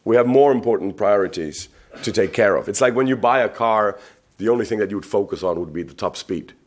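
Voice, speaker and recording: A man's voice: on the low side, brisk. A man from the Czech Republic giving a conference talk, conversational, asking rhetorical questions and repeating words as he searches for them. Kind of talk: public talk. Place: conference venue.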